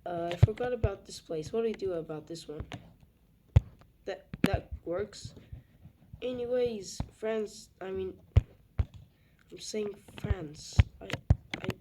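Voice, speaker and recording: A young woman narrating a map video in a casual, rambling way, with self-mocking asides and soft muttered remarks. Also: mid-range voice, unhurried. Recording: loud background noise.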